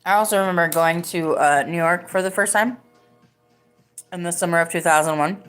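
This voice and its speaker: A woman's voice: on the low side, a little fast, smooth, soft background music. A woman hosting a live podcast, chatting casually and rambling with lots of "like"s. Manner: rambling, filler-heavy talk with many "like"s. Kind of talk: casual live-stream chat.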